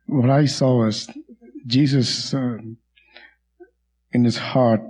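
A man speaks very slowly in a mellow, husky voice on a video call. He reflects earnestly in a group discussion, quoting scripture at length. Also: medium pitch, steady tone, rough recording. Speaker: Bible study group member.

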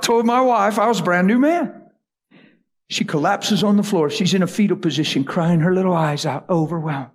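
A man preaching a sermon, telling a story dramatically and swinging from hushed whispers to loud, high cries. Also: normal speed.

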